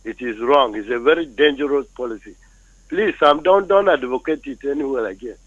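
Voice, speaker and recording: A man with a Nigerian accent calling in, arguing his views forcefully with some teasing. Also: medium pitch, lively intonation, fairly quick, no echo. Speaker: phone-in caller. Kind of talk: call-in opinion. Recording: dull dry phone line.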